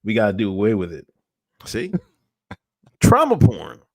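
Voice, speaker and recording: Laughing man co-host, lively voice. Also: on the low side, a little slow, gravelly, no room sound. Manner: laughing often, profane, reads viewer comments. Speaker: podcast co-host. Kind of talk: casual podcast banter.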